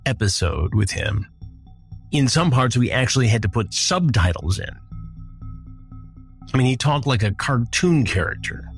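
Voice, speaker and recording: A man hosting a podcast, retelling a story in a measured, dramatic way. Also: fairly low pitch. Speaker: podcast host. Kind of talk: storytelling narration.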